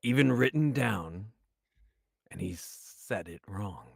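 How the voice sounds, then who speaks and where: A woman's voice: very deep voice, lively intonation, slow, gravelly, slightly rough, dry recording, studio quality. A woman playing a tabletop game, chatting in a mock-indignant way. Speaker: player. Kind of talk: casual chat while playing.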